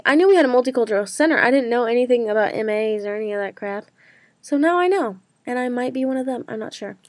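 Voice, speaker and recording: A young college woman chats away in a casual daily vlog, rambling from one thought to the next with plenty of fillers. Her voice sits a little high, and the sound is dry and close, like a webcam mic in a small room. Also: dry recording. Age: young adult. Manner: chatty, rambling, lots of "like" and "um". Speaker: college student vlogger.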